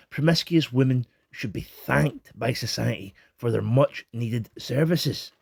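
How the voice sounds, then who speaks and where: A man's voice: mid-range voice, gravelly, a little mellow, no echo, clean studio sound. A Scottish man giving a cheeky, irreverent toy review in a scripted comic style.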